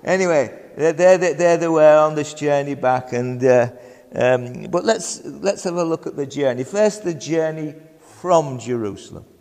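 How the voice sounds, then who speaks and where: Slow, halting Yorkshire preacher in a church. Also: male voice, a little high, a little mellow. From England. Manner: halting, with many ums and repeated words. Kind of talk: sermon. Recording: long hall reverb.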